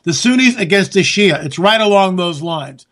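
A man's voice: high voice, lively intonation, normal speed, fairly bright tone. A man hosting a political talk radio show, ranting and sarcastic, talking straight to his listeners. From California.

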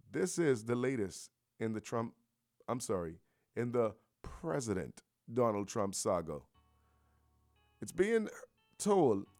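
A man's voice: medium pitch, darkish tone. A man hosting a morning radio show, talking loosely and playfully with slang and rambling asides. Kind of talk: casual radio chat.

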